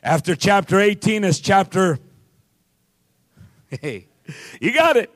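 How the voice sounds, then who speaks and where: A man preaching a sermon in a very high voice, driving his points home with shouts and repeated amens. The sound is dry and close, with no room echo. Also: big pitch swings, takes it slowly. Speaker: pastor.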